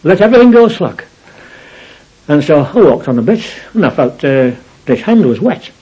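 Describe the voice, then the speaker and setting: Husky older man telling war stories. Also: on the high side, sing-song, normal speed, mellow, low-quality recording. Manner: rambling storytelling, keeps adding "you see". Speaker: war veteran interviewee. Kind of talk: recounting war memories.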